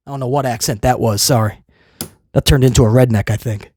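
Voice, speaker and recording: A man's voice: mid-range voice, fairly even intonation, fairly quick, darkish tone, breathy edge, no room sound. A man hosting a casual video review, ranting in a sarcastic, exasperated way and rambling with many restarts. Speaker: wrestling show reviewer, host.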